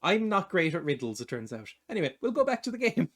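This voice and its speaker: A man's voice: high-pitched, big pitch swings, a little fast, a bit bright. A man with an Irish accent, giving casual, rambling, self-deprecating commentary while streaming a video game. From Ireland. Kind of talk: casual let's-play commentary.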